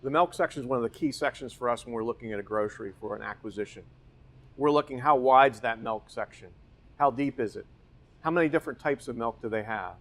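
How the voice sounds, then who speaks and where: A man's voice: mid-range voice, quick pace, a bit bright. A man guiding a walking tour through a grocery store, explaining its layout and asking rhetorical questions as he points things out. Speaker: real estate company guide.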